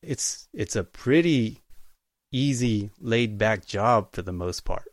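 A man speaking as a guest in a casual interview, telling work stories in a relaxed, easygoing way. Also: lowish voice, slow pace, dry recording. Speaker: guest, utility locator.

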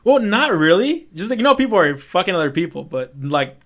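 Young man, rapid speech, fairly high pitch, excited, casual podcast banter. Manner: rapid, excited, swears freely. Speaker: podcast co-host. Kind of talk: casual chat.

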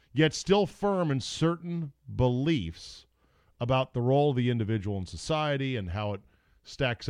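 A man's voice: mid-range voice, a little mellow, dry recording, studio quality. A man hosting a podcast, talking casually in a blunt, crude, jokey way. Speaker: podcast host. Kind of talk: casual opinionated podcast talk.

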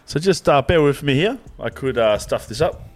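A man's voice: medium pitch, expressive, normal speed, faint music behind. A man co-hosting a casual podcast, easygoing and laughing often. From Australia. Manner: easygoing, laughs and says mate a lot. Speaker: podcast co-host.

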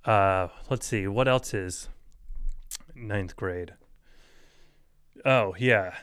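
Low-voiced man rambling on a podcast. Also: drawn-out words, a bit bright, clean tone, no echo, clean studio sound. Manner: rambling, chuckles often, swears casually. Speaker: podcast host. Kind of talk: casual solo podcast chat.

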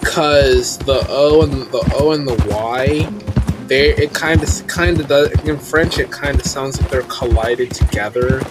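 A man's voice: mid-range voice, a little slow, over music. A man hosting a podcast, casually talking through a video game he is playing, often restarting his sentences. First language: English. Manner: rambling, restarts sentences, chatty. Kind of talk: casual gameplay commentary.

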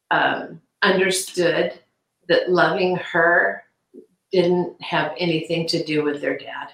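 Middle-aged female interview guest, halting and reflective, animated when quoting; low-ish voice, echoey room. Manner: halting, many restarts and fillers. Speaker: interview guest, victim's aunt. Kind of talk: conversational interview.

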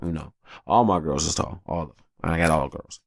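Deep gravelly man telling a casual story. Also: a little fast, no room sound, studio quality. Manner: animated, profane, slangy storytelling.

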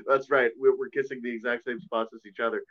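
A man's voice: medium pitch, sing-song, moderate pace, muffled recording, slight background noise. A man who is a Catholic priest, chatting earnestly and at length on a podcast. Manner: earnest, talkative, self-deprecating. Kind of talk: casual podcast chat.

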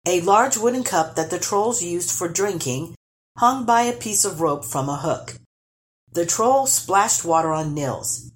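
A woman reads a children's storybook aloud, her voice low-pitched but swinging freely up and down. She narrates in an expressive, animated way, with a faint hiss underneath. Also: measured pace.

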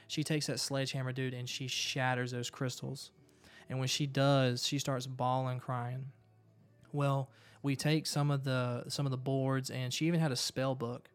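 A man's voice: medium pitch, flat delivery, moderate pace, clean tone. A man earnestly retelling a story in casual talk, with frequent restarts.

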